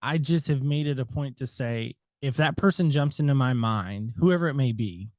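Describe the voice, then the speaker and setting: Talkative man guest, reflective, mid-pitched, dry close sound. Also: normal speed, no echo. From United States. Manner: talkative, reflective, varies loudness a lot. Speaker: podcast guest. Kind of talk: reflective interview talk.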